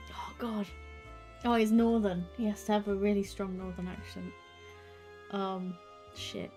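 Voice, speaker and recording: A woman's voice: medium pitch, steady tone, unhurried, pauses often, mellow, faint music behind. A woman streaming a game, chatting in self-mocking asides and laughing at her own attempts. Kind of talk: casual gaming stream chat.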